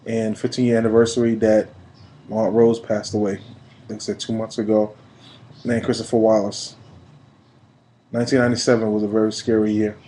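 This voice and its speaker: A man in his late thirties from New York, giving an emphatic, preachy personal video message that swings between quiet and loud. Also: lowish voice, flat delivery, a little fast, long pauses, a little hiss or hum, poor audio. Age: 30s. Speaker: vlogger.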